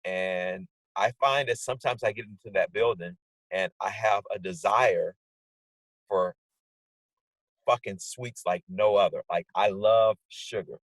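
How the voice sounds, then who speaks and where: A man tells stories with lively energy, acting out little conversations with himself. His voice has a husky grain, and the sound is dry and close, with no room around it. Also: fairly low pitch, measured pace, no echo, rough recording. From Portland area, USA. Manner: animated storyteller, acts out his own inner dialogue. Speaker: guest. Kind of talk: casual conversation over video call. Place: indoors at home, sunny day. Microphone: video call setup.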